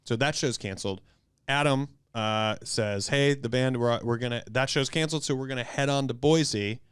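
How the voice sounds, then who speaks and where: In a relaxed storytelling chat, a podcast host with a smooth voice speaks at a normal speed. He acts out quotes animatedly with large pitch leaps, all captured in a dry, clean studio recording.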